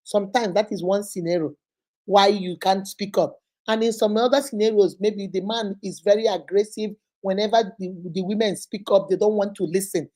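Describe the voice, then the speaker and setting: Lively Nigerian woman with a mellow voice. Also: medium pitch, normal speed. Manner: lively storytelling, acts out quoted voices, frequent laughter. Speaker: host answering relationship questions. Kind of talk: animated casual advice talk.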